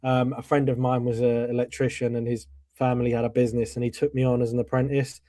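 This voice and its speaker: A man's voice: mid-range voice, flat delivery, fast, dark tone, no room sound, studio quality. A man hosting a casual fan show, telling candid stories and swearing freely. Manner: candid, swears, tells anecdotes. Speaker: host.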